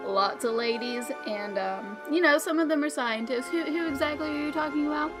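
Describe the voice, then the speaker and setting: A woman's voice: high voice, fairly quick, music in the background, pitched above the performer's own voice, natural voice. A woman playing a flippant caped vigilante. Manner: flippant, teasing. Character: smooth-talking male caped vigilante.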